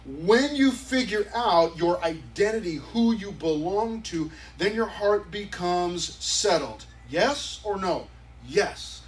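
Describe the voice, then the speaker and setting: High-voiced man preaching, mic far off. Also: lively intonation, slow. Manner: conversational and emphatic, acting out quotes. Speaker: pastor. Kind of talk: sermon. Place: church youth service.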